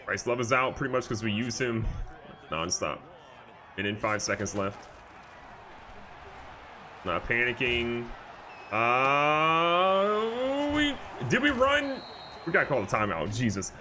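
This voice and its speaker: A man giving excitable, jokey live commentary over a football video game, moving from calm play calling to loud outbursts. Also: on the low side, moderate pace, pauses often, noisy background. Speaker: gaming YouTuber.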